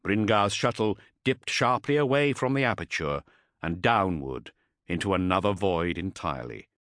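A man narrating an audiobook in an expressive, dramatic storytelling manner. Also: low voice, normal speed, dry recording, clean studio sound.

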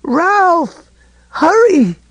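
A man voicing a terrified older woman who shouts urgent warnings, his own voice pushed far higher and louder into a frantic, shrill cry. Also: big pitch swings, very slow, dry recording, exaggerated voice. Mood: frantic, pleading. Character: frightened older woman screaming for help.

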